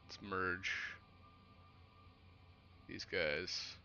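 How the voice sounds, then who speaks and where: Slow, relaxed man narrating gameplay. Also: low-pitched, vocal fry, muffled recording. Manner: relaxed, muttering to himself while he plays. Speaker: gaming streamer. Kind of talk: casual gameplay commentary.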